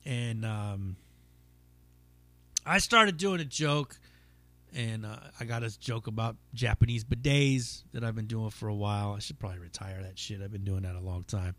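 Profane rambling man, bright close voice. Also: lowish voice, moderate pace, no room sound. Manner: rambling, profane, lots of fillers. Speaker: podcast host and stand-up comic. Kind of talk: casual solo storytelling.

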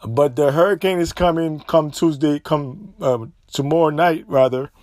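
Emphatic high-voiced podcast preacher. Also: male voice, normal speed, darkish tone, no echo. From Haiti. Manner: emphatic and repetitive, preachy warnings. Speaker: podcast host.

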